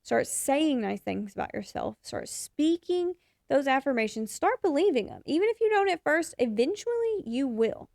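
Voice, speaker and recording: Young woman podcast host, bit of fry, dry close sound, straight-talking pep talk vibe. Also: high-pitched, very animated, normal speed, a little mellow, no room sound. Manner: frank, encouraging, swears casually. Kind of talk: casual advice talk.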